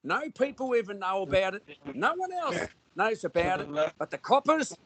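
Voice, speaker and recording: Rambling Australian man, high-pitched voice. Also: very animated, normal speed, fairly bright tone, slightly rough, no room sound. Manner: rambling, blunt, with frequent restarts and slang. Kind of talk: casual conversation.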